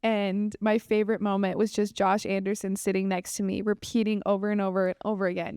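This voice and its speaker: A young woman from Colorado co-hosting a podcast in casual chat, animated and laughing often. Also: medium pitch, brisk, hardly any pauses, smooth, no echo, clean studio sound. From Colorado, USA. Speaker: podcast co-host.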